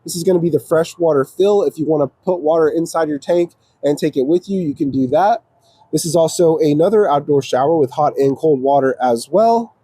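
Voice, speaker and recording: A man's voice: fairly high pitch, a little fast, husky, no room sound. Practical man giving an RV walkthrough. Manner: steady, practical, explaining controls step by step. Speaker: RV dealership salesperson giving a walkthrough. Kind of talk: casual walkthrough demonstration. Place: outdoors around an RV, then inside it.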